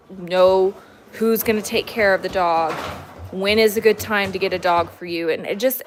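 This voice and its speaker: A woman hosting a casual livestream at home, chatting to viewers and talking fondly to her dogs. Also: medium pitch. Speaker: livestream host.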